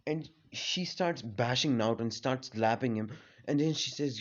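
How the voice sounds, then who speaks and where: A man's voice: medium pitch, moderate pace. Rambling man retelling a fan story. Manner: rambling, many fillers. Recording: slightly dull lo-fi audio.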